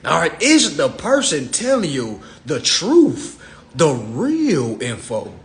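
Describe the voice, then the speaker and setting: A man's voice: fairly high pitch, huge pitch swings, takes it slowly. A young adult man hosting a phone livestream, talking bluntly and profanely in a preachy rant full of acted-out dialogue. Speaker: social media live host.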